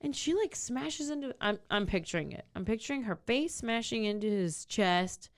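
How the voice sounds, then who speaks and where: A woman co-hosting a casual true-crime podcast, telling the story in a rambling, animated way. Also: on the high side, normal speed. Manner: animated, rambling, acts out quotes. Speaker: podcast co-host.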